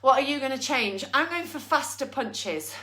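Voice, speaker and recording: A woman's voice: sits high, expressive, normal speed, pushed and bright. Breathless, upbeat woman fitness instructor. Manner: upbeat coaching, counting down, laughing at herself. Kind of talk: live online exercise class. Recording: roomy echo, from a distance.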